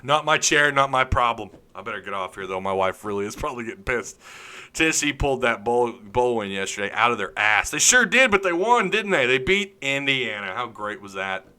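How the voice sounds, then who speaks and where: A man hosting a live sports podcast, ranting loudly with opinions and jokes, laughing often as he reads viewer comments. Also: medium pitch, lively intonation, brisk, smooth. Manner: loud, opinionated, joking rants with frequent laughs. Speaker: podcast host. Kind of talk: live-stream sports chat reading comments.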